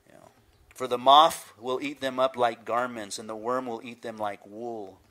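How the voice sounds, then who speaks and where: A man's voice: mid-range voice, fairly even intonation, moderate pace, sharp tone. An older man, a pastor telling stories in a chatty sermon. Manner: storytelling, chatty, many "you know"s.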